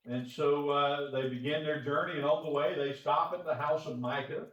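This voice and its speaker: Folksy preacher in an echoey church. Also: male voice, on the high side, normal speed, fairly bright tone. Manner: folksy, conversational, chuckles often. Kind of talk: Bible class teaching. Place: church auditorium. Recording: echoey church room, distant dull mic.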